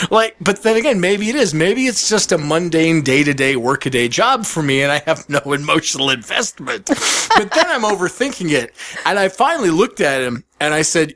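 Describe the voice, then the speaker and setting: A man telling a story in casual chat, animated and profane, acting out the people he quotes. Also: high-pitched, brisk.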